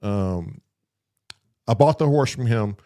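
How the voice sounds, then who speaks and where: A man's voice: lowish voice, slow pace. A man telling a long story in casual chat as a podcast co-host, swearing freely and acting out his own reactions. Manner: profane, animated storytelling with acted quotes.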